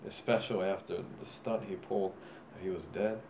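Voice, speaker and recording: Gravelly, low-voiced boastful drunk man. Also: fairly even intonation, moderate pace. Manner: boastful, profane, rambling. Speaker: self-styled boxing champion vlogger. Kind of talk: casual monologue. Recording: faint background noise.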